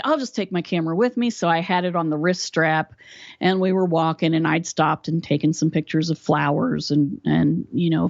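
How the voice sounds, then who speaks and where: A woman's voice: low voice, vocal fry, no echo, muffled recording. A woman from West Virginia, a podcast guest, telling a story and acting out the dialogue with energy. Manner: animated storyteller who acts out quoted dialogue. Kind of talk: storytelling in a casual interview.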